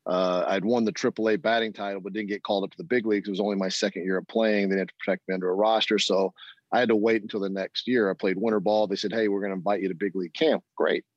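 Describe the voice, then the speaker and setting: A man's voice: on the low side, quick pace, no room sound, dull audio. A middle-aged man, a former ball player, telling stories in an interview, acting out the voices of the people he quotes. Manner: animated storyteller, acts out quoted voices, laughs often. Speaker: former baseball player, guest. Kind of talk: interview storytelling.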